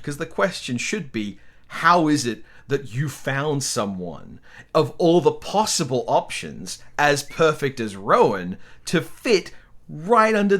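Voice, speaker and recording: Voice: medium pitch, fairly bright tone. Host of a role-play let's play, theatrical, playful, melody all over the place. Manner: playful, theatrical, laughing often. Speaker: game player and channel host. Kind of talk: tabletop role-play game chat.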